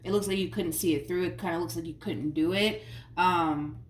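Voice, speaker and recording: A woman's voice: fairly low pitch, moderate pace. A woman giving a casual tarot reading in an emphatic, slangy way, repeating her phrases for effect. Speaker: tarot reader. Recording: roomy sound from a distant mic, faint noise.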